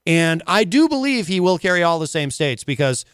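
A man's voice: on the high side, sing-song, moderate pace, fairly bright tone, smooth, no room sound, clean studio sound. A man hosting a casual talk radio show, rambling and full of filler words.

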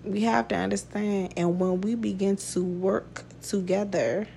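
A woman's voice: medium pitch, steady tone, unhurried, vocal fry, warm tone, a little hiss or hum. A woman hosting a podcast in a casual monologue, talking bluntly, swearing and laughing often. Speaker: podcast host.

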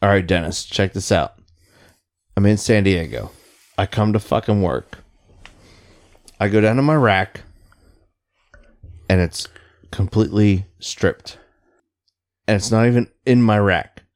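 Casting note: male Navy veteran, lower voice, animated and profanity-heavy storytelling. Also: measured pace, pauses often. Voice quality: swears constantly, animated storytelling. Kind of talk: casual profane chat.

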